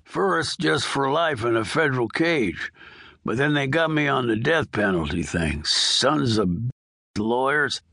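A man's voice: mid-range voice, lively intonation, a little slow, creaky, bright, forceful tone, no room sound, studio quality, exaggerated voice. A man voicing a dying, foul-mouthed old male prisoner with a coarse drawl. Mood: bitter. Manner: coarse, drawling, wheedling then demanding.

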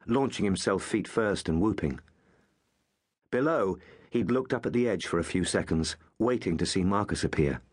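A man narrating an audiobook with measured, expressive storytelling. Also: fairly low pitch.

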